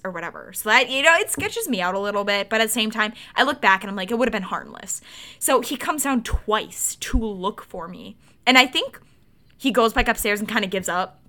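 A young woman in her twenties, co-hosting a podcast and telling a story in a casual, animated way with frequent laughs. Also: medium pitch, normal speed. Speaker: podcast co-host.

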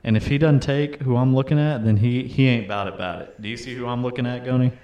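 A man's voice: mid-range voice, steady tone, quick pace, highs cut off. A man co-hosting a casual fantasy football podcast, teasing his friends and running the draft picks. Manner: teasing, bossy, talks over others.

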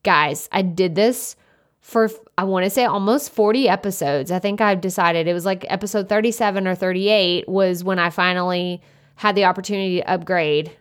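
A young adult woman hosting a solo podcast, chatty and naturally loud, speaking into a desktop USB microphone with many casual fillers. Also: fairly low pitch, moderate pace. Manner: chatty, lots of "like" fillers, self-described loud. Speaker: podcast host.

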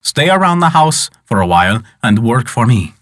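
A man playing a brisk, self-important rich merchant brother in a folk tale. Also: mid-range voice, sing-song, fairly bright tone, no echo, studio quality. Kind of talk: storytelling.

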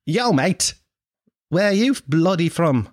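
Brief: brash young Australian tourist woman, put on by an Irish man, high and loud, mocking, dry close sound. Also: expressive, takes it slowly, no echo.

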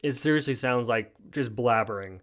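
A man's voice: mid-range voice, normal speed, a bit bright. Laid-back joking podcast guy. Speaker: podcast host. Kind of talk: casual solo podcast commentary.

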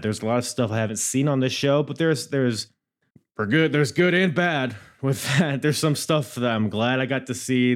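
A man hosting a wrestling podcast in a casual, rambling, jokey way, with loud bursts and sudden quiet drops. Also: mid-range voice. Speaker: podcast host.

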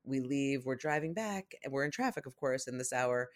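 A parent telling a rambling, animated story in casual podcast chat, often acting out what people said. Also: mid-range voice, moderate pace. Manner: rambling, animated anecdotes with acted-out quotes.

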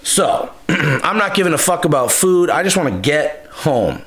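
A man's voice: fairly high pitch, big pitch swings, a little slow, fairly bright tone. A young man co-hosting a podcast, telling a long story in loose, profane, rambling casual chat. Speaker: podcast co-host.

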